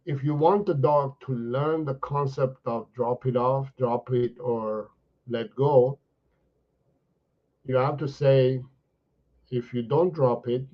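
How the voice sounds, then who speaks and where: A man of medium pitch, a dog trainer, chats through viewers' questions on a live stream, often repeating words and dropping "you know" and "right?". The audio is lo-fi.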